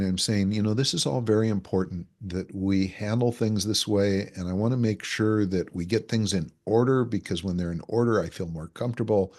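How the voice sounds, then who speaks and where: A man appears as an expert guest on relationship energetics in a conversational interview, explaining ideas through everyday examples and acting out the voices of people he quotes. His voice is fairly low in pitch and a little mellow.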